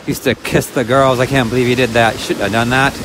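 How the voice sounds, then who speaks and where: A man's voice: medium pitch, fairly even intonation, fast, background noise. A man rambling to himself while walking outdoors in freezing cold, shivering now and then. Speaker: vlogger. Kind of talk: casual outdoor vlog rambling. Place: outdoors by icy water in cold weather.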